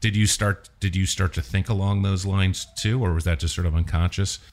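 A middle-aged man hosting a casual music conversation, measured and reflective, asking follow-up questions. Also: deep voice, fairly even intonation.

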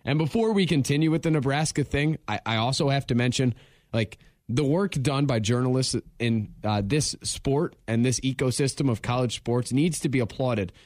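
A man's voice: medium pitch, moderate pace, a little mellow, no echo. A man co-hosting a sports radio show, talking in a loose, wry way with small joking asides. His voice sits in an ordinary middle range. The sound is close and dry, with no room around it. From not from the show's town. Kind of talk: casual sports radio chat.

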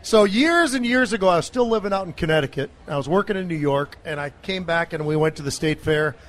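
A man co-hosting a live radio show at a fair, enthusiastic and quick to laugh. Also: fairly high pitch, lively intonation. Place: outdoor broadcast booth at a state fair.

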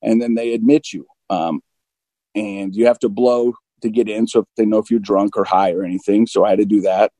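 A man in his forties, speaking as a guest, telling a personal story openly and candidly, acting out both sides of old conversations in quick back-and-forth. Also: fairly low pitch, fairly even intonation, dark tone, dry recording, rough recording. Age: 40s. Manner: open and self-deprecating, acts out both sides of dialogue. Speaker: guest recounting recovery.

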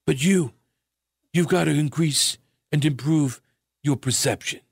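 A man's voice: a little high, a little slow, vocal fry, husky, dry recording, clean studio sound, full character voice. A man voicing a male mob enforcer in a mock Chicago mobster accent, making a menacing shakedown demand. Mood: threatening.

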